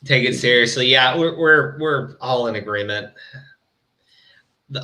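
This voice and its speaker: Bright-voiced blunt male streamer. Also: medium pitch, fairly even intonation, measured pace, rough recording. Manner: blunt, profane, stammering restarts. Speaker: stream co-host. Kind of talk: casual reaction commentary.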